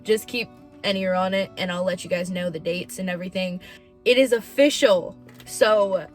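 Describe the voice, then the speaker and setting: A woman's voice: fairly low pitch, moderate pace, soft background music. Candid young woman telling a personal story. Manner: emotional, candid, heavy use of "like". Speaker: podcast host. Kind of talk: personal confessional vlog.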